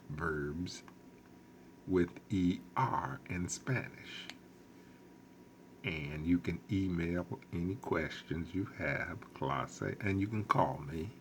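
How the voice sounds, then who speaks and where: A man teaching a recorded lesson as a Spanish teacher, explaining slowly and patiently with lots of repetition. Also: deep voice, a little hiss or hum.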